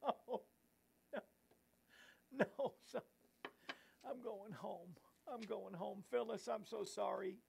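A man's voice: high-pitched, unhurried, gravelly, a little mellow, slightly rough. A man hosts a casual Christian talk show. He rambles, giggles at his own slips and pokes fun at himself. He shifts into earnest, preachy exhortation. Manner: rambling, giggly, self-mocking. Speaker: host and evangelist.

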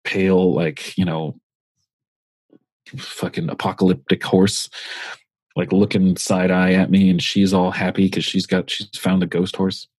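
Podcast co-host, male, low husky voice, loose swearing storyteller, dry close mic. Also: little pitch movement, a little slow, a little mellow, no echo. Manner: rambling, profane, full of fillers. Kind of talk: casual storytelling.

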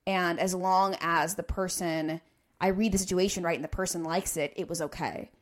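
A woman's voice: on the low side, steady tone, normal speed. A woman hosting a podcast, talking in an earnest, explanatory way and building careful arguments. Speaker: podcast host. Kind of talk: casual podcast discussion.

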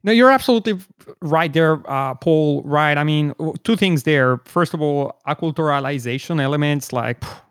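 A man with a fairly high voice hosts a podcast interview, building his points step by step. The recording is close-miked and dry. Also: moderate pace, clean tone, no echo.

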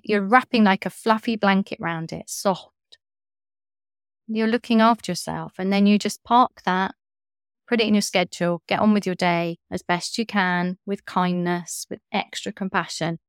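A woman coach speaking as a podcast guest in a gentle, soothing, reassuring way. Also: mid-range voice, normal speed, clean tone, no echo, clean studio sound. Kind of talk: interview talk.

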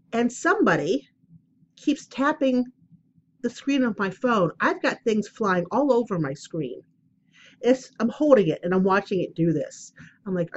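A woman's voice: medium pitch, highs cut off, slight background noise. A woman chatting casually at home for her vlog, rambling and self-deprecating as she tells stories before an oracle card reading. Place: at home, indoors.

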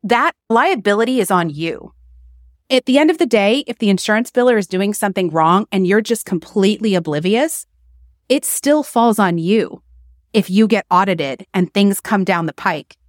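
A woman speaking bluntly and with emphasis, laughing now and then at herself. She talks at a middle pitch, recorded close and dry with no room sound. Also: animated, normal speed, no room sound. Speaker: podcast guest, acupuncture practice owner. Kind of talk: candid interview talk.

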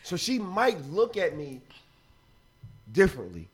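A man in his thirties co-hosting a podcast, joking loudly and laughing often in casual chat. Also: sits high, huge pitch swings, unhurried, husky. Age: 30s. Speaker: podcast co-host.

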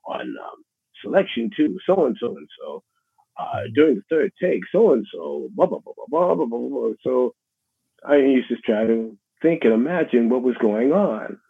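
A middle-aged man with a New York accent, a musician being interviewed, speaking in a halting, reflective way with many restarts. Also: mid-range voice, very animated. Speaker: guest musician. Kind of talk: casual interview conversation. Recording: husky voice over a tinny phone line.

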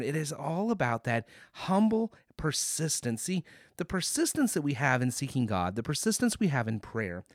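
A man's voice: medium pitch, no echo. Male podcast host teaching a bible passage, voice swings up and down a lot, dry close sound. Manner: animated, acts out quoted lines, checks in with "okay?".

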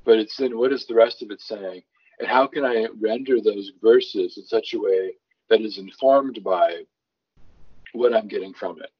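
A low-pitched man with a husky, somewhat breathy voice talks through how he builds a song from a psalm. He speaks thoughtfully, doubling back on words as he works out his point. The audio is dull and lo-fi. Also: moderate pace. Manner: thoughtful, restarts often, reads scripture aloud with varied emphasis. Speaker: songwriter guest. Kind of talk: conversational explanation.

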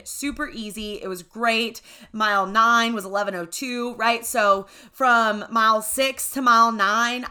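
A woman's voice: on the high side, pushed and bright. A young adult woman hosting a podcast, telling a candid story in casual talk, swearing freely and often asking "right?". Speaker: podcast host.

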